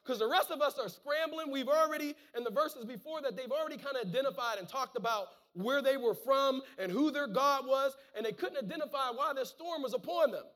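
Fervent male preacher with a very high voice who peppers his sermon with amens and repeats words. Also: brisk, few pauses, a bit bright. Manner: fervent, punctuates with calls of amen and hallelujah; repeats words and restarts phrases. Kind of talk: sermon, reading and preaching scripture.

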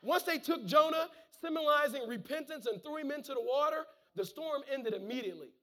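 A man's voice: extremely high pitch, expressive, brisk, sharp tone. A man preaching a sermon, reading scripture and calling out amen and hallelujah, often repeating words as he goes. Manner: fervent, punctuates with calls of amen and hallelujah; repeats words and restarts phrases.

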